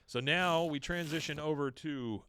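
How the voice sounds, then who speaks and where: A man co-hosting a podcast, casually recapping a cartoon episode and jumping into quick put-on voices for the characters' lines. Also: on the high side, fairly bright tone, clear, resonant tone.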